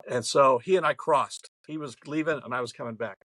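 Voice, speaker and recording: A man's voice: medium pitch, brisk, a bit bright, dry recording, poor audio. A man in his seventies from New York State, telling a long rambling story as a podcast guest, with chatty restarts. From New York State, USA. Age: 70s. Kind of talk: storytelling anecdote.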